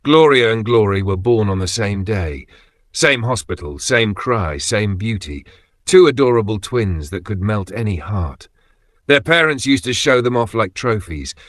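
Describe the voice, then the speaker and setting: A man narrating a scripted dramatic story in short, measured phrases. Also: on the low side, animated, fairly bright tone, dry recording, clean studio sound.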